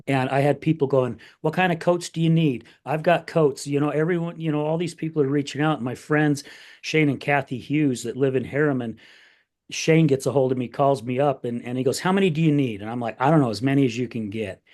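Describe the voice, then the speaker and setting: A man's voice: mid-range voice, fairly quick, a little mellow. A middle-aged man hosting a podcast, telling a heartfelt family story in casual chat, getting emotional and acting out the voices of his family. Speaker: podcast host.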